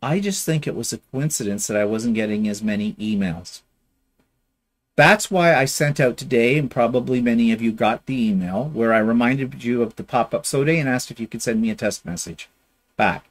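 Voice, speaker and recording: A man's voice: mid-range voice, moderate pace. A middle-aged man from Canada, co-hosting a casual chat and telling a long rambling story. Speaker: podcast co-host.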